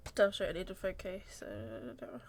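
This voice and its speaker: A woman's voice: lowish voice, sing-song, brisk, faint music behind. A woman streamer chatting casually during a game in a rambling, giggly way. She sits far from the mic. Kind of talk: casual gaming chat.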